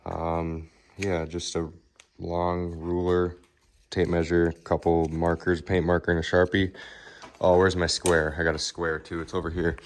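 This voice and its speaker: A man's voice: low-pitched, completely flat delivery, unhurried. A young man working as a car fabricator, casually rambling through a shop vlog with lots of fillers. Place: car workshop.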